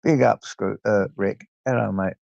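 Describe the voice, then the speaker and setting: Older English man, low gravelly voice, rambling live-stream host with dull lo-fi sound. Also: fairly even intonation, unhurried, a little mellow, no room sound. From England. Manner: rambling, greets viewers by name, swears freely. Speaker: livestream host. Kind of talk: late-night livestream chat.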